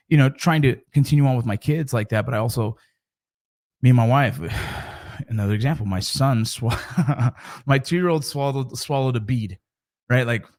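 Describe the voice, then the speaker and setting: Speaking casually to camera, a middle-aged father rambles conversationally about mentoring, often restarting his sentences. His voice is medium-pitched.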